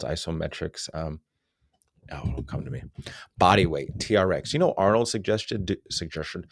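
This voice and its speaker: Deep gravelly man in his forties. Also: dry recording, clean studio sound. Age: 40s. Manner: laid-back, slangy, rambling with asides. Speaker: fitness instructor. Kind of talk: casual unscripted fitness talk.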